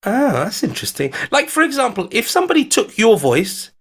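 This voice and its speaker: Playful high-voiced Englishman. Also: big pitch swings, brisk, husky. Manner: rambling, playful, full of asides. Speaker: foreign correspondent guest. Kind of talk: casual conversation.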